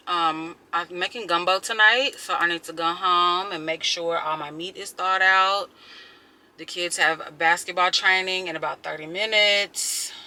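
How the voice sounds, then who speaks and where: Woman in her 30s, bright ringing voice, chatty vlogger who rants animatedly. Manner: animated, exasperated ranting with rising pitch. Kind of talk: casual vlog chat. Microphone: small handheld pocket camera.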